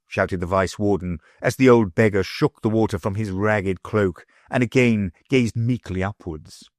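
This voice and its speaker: A man narrating a classic storybook aloud, with expressive delivery. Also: low-pitched, normal speed, hardly any pauses, no echo, clean studio sound. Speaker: audiobook narrator. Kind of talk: scripted narration.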